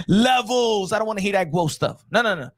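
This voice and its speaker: Animated slangy boxing commentator man. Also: high voice, measured pace, dry recording. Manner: animated, slangy, repeats phrases for emphasis. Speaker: boxing channel host.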